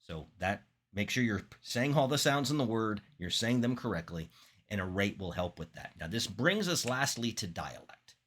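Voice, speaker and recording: Animated man giving a speaking lecture. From Florida. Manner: lively, with emphatic pitch jumps and deliberate pauses. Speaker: public speaking instructor. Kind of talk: classroom lecture.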